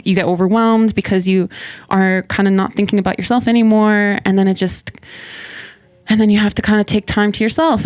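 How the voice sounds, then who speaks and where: A woman in her twenties, a guest artist talking over her path in a relaxed interview, thoughtful and quick to laugh, her speech full of "like". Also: mid-range voice, clean tone, no echo. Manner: reflective, laughs often, many "like" fillers. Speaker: guest hip-hop artist. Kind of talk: casual interview conversation. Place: radio station interview studio.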